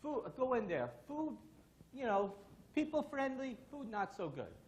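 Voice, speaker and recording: A man's voice: extremely high pitch, big pitch swings, unhurried, darkish tone, lo-fi sound, pitched above the performer's own voice, full character voice. A man voicing a blunt Russian former spy who talks in clipped, broken English with a Russian accent. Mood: matter-of-fact.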